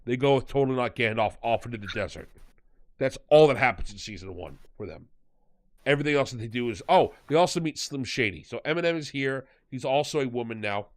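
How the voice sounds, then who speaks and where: A man's voice: medium pitch, animated, fairly quick, no room sound. Sarcastic man rambling through a show recap. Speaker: podcast host. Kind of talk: casual review chat.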